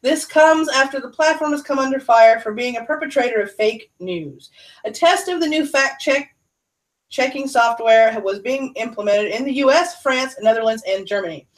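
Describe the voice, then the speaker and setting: A woman's voice: fairly high pitch, normal speed. A woman hosting a casual news livestream, reading articles aloud with sarcastic asides and answering chat. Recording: voice a bit far from the mic.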